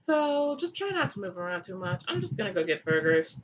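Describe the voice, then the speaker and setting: A woman's voice: mid-range voice, sing-song, fairly quick, dull audio, a little hiss or hum, close to an everyday voice. A woman voicing the goddess Isis as a sarcastic, exasperated young mother in a comic myth retelling. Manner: sarcastic, flip modern slang.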